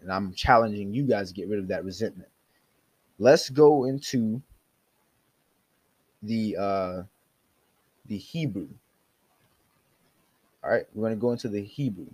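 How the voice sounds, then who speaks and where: A man's voice: fairly low pitch, a little slow, pauses often, a little mellow, slightly rough, no room sound. A man hosting a devotional podcast, earnestly exhorting his listeners and addressing them directly. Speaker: podcast host.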